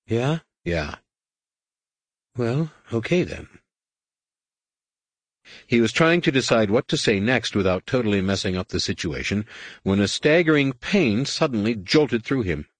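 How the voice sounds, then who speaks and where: A man narrating an audiobook in a measured storytelling read. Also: lowish voice, expressive, no room sound. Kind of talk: scripted narration.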